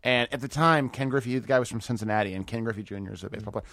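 A man's voice: mid-range voice, rapid-fire, a bit bright, dry recording, studio quality. A man guesting on a podcast, telling stories in casual chat, laughing often and swearing freely.

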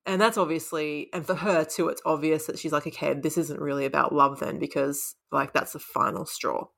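A woman's voice: low voice, steady tone, moderate pace, gravelly, fairly bright tone. A woman chatting casually about a book, laughing often and acting out the characters' lines. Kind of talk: casual chat retelling a book.

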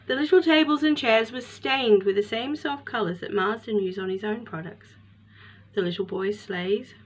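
A woman narrating a storybook tale in an expressive, measured way. Her voice sits in a middle pitch. The recording is slightly muffled, with a faint hiss beneath.

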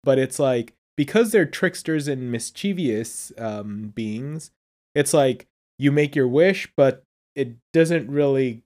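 A man's voice: medium pitch, animated, takes it slowly, darkish tone. A man with a mid-range voice talks through a film review podcast in an easygoing, musing way. He drifts into long explanations of old folklore. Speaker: podcast co-host. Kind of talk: casual film review chat.

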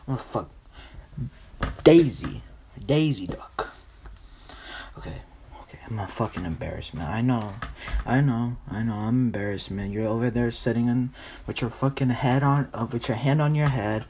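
A man's voice: medium pitch, normal speed, long pauses, a little mellow, slight background noise. A young man hosting a podcast, doing a brash, profane comedy monologue. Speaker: podcast host.

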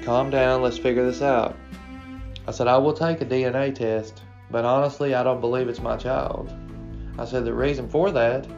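A man's voice: mid-range voice, a little mellow. A man in his thirties from Kentucky, earnestly telling his own personal story and quoting the people involved. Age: 30s. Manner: plain, earnest storytelling with quoted dialogue. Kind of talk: first-person personal story told to camera. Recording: dull lo-fi recording with faint guitar music.

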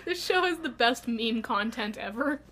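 A woman with a fairly high voice chats on a podcast, chatty and quick to act out the lines she quotes. She sounds relaxed and talkative in a casual conversation. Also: a little hiss or hum. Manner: chatty, retells scenes with quoted voices and laughs. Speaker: podcast co-host. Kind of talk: casual chat.

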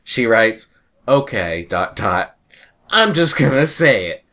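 A man's voice: medium pitch, very animated, slow, sharp tone. A man in casual chat with friends, telling stories animatedly and laughing often.

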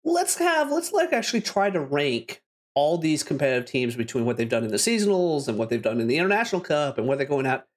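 A man's voice: on the high side, sing-song, fast talker. Upbeat man hosting a podcast. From Canada. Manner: upbeat, rambling, laughs often. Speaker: podcast host.

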